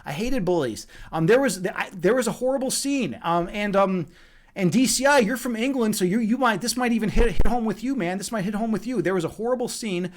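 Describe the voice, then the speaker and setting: American guy streaming, highish voice, swears a ton, rambles and restarts. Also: animated, fairly quick. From USA. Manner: profane, rambling, many restarts. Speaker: livestream host. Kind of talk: casual chat, reading out chat comments.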